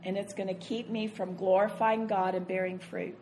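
An earnest woman delivers a conversational sermon as a Bible teacher. Her pitch sits in the middle range, and she acts out her own inner voice as she teaches. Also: level tone, moderate pace, a little mellow, a little hiss or hum.

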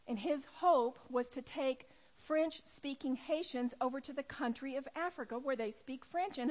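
A middle-aged woman preaching a sermon to women, impassioned, dropping to a hush and then rising loud. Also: high-pitched. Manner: impassioned, swings from hushed to loud. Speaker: women's ministry speaker.

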